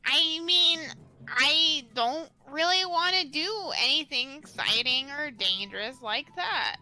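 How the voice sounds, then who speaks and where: A woman's voice: sits high, lively intonation, takes it slowly, pushed and bright, soft background music, exaggerated voice, rough recording. A woman voicing a timid teenage troll boy who speaks hesitantly and reluctantly.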